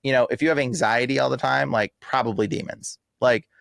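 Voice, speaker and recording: A man talking in a casual podcast interview, emphatic and animated, full of slang like "bro" and "like". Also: mid-range voice, fairly quick, vocal fry, dry recording, studio quality. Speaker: exorcist guest.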